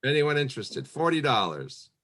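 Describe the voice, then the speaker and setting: A man's voice: mid-range voice, sing-song, fairly bright tone, slight background noise. A man running a virtual fundraising auction, calling bids with friendly asides. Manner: brisk calls with friendly asides.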